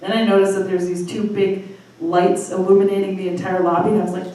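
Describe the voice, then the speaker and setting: A woman in her thirties from Michigan hosting a live storytelling night, telling a personal story in a chatty, self-deprecating way with quick asides. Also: mid-range voice, level tone, warm tone, far from the mic. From Michigan, USA. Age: 30s. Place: live storytelling venue with audience. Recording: echoey room from afar, faint noise.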